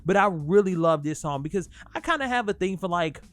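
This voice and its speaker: A young man talking casually in a music review vlog, animated and profane as he rants. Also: high voice, a little fast, no room sound. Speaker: album reviewer.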